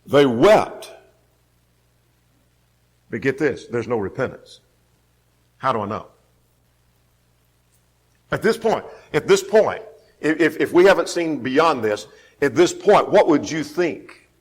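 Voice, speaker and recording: A man's voice: a little high, big pitch swings, takes it slowly, pauses often, husky. A man teaching a Bible class, emphatic, repeating key phrases and putting questions to the class.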